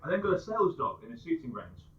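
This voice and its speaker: A man from the West Midlands doing a stand-up comedy set at a pub comedy night, firing off quick pun one-liners. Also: high-pitched, huge pitch swings, dull audio. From West Midlands, England.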